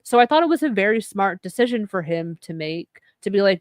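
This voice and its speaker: A woman co-hosts a podcast in a relaxed, chatty way, laughing easily between points. Her voice sits at a middle pitch and sounds close and dry. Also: fairly quick, few pauses, no room sound. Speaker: podcast co-host. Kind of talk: casual chat.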